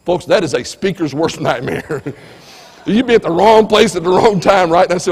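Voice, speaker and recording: Keynote motivational speaker, man, slightly high voice, emphatic and dramatic, big hall reverb. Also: moderate pace. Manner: emphatic, swings between loud and hushed.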